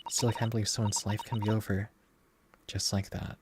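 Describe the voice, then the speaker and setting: A man reading as a gentle grieving young woman. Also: lowish voice, little pitch movement, moderate pace, heavy background noise, natural voice. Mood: sorrowful. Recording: game music underneath.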